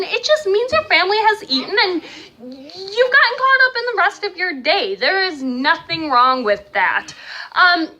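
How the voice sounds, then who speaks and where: A woman's voice: high-pitched, pushed and bright. A young woman, a stay-at-home mother of five, giving casual advice to camera in an earnest, emphatic way, repeating her points for stress.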